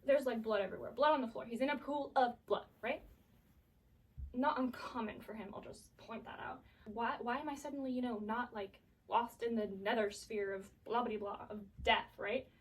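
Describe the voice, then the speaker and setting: A woman's voice: a little high, moderate pace, distant mic, rough recording. A woman recapping a drama series in a chaotic, profane, casual way, full of fillers.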